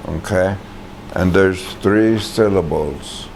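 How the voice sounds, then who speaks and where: A man's voice: lowish voice, takes it slowly, a little mellow, a little hiss or hum. A man teaching a language class, patiently saying words aloud for the students to repeat.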